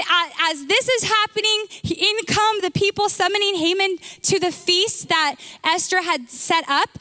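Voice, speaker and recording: Bright high-voiced woman pastor preaching. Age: young adult. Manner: lively storytelling with acted dialogue and restarts. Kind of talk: sermon.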